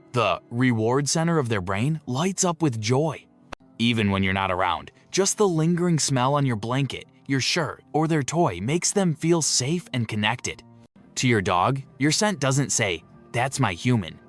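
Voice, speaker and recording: A man giving a scripted narration in a slow, emotive delivery with dramatic pauses. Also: medium pitch. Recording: soft music beneath the voice.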